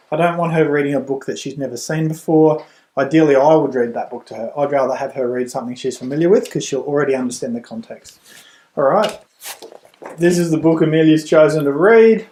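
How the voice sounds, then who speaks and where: A middle-aged man, a reading tutor and parent, explaining at home in a relaxed way with a few restarts. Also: on the high side, brisk. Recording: roomy echo.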